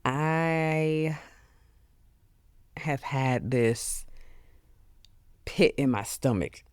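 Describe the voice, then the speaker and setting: A podcast host speaking alone in an earnest, heartfelt way, with many pauses and fillers, openly emotional. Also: mid-range voice, clear, resonant tone, no room sound. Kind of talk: solo reflective podcast monologue.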